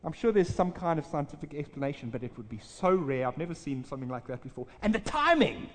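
A man's voice: on the high side, big pitch swings, quick pace. A man, a pastor, telling a personal story in a sermon, earnest and full of restarts. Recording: reverberant hall.

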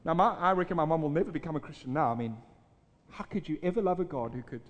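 A man's voice: fairly high pitch, quick pace, dull audio. A man, a pastor, telling a personal story in a sermon, earnest and full of restarts. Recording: reverberant hall.

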